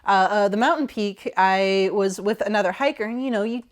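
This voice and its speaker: A woman's voice: medium pitch, fairly quick. A young adult woman co-hosting a casual podcast chat, rambling through asides and swearing freely. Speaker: podcast co-host.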